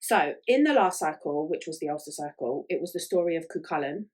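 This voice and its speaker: A woman talks through her solo podcast in a relaxed, chatty way, often stopping on "um" and "like". Her voice sits a little low for a woman. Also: brisk, breathy edge. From Ireland. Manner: chatty, with many fillers like "um" and "like". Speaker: podcast host. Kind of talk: casual solo podcast chat.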